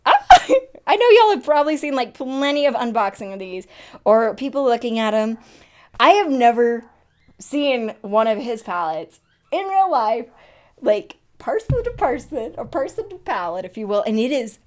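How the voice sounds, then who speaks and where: A young woman in a casual makeup unboxing vlog, chatty and excitable, often gasping and laughing. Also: on the high side, a little slow. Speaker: beauty vlogger.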